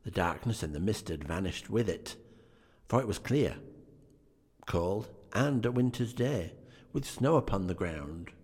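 Low-voiced man casually reading a story. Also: expressive, a little slow, a little mellow, husky. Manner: stumbling, with self-corrections and chatty asides. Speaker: reader. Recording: long hall reverb.

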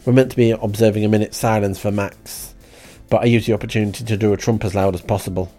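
Deadpan man, fairly low voice, rambling comic diary read, faint music underneath. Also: fast talker. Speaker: comic diarist. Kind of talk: comic audio diary storytelling.

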